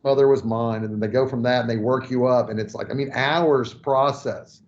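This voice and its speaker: A man's voice: medium pitch, fairly even intonation, normal speed. Man hosting with lo-fi sound. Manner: rambling, conversational with fillers. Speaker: podcast host. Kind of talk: casual interview. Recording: dull lo-fi audio.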